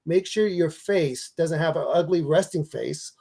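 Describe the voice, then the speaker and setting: A man who is a public speaking expert and author, giving emphatic, energetic advice in an interview. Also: on the high side, unhurried, gravelly, husky. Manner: energetic, emphatic coaching delivery.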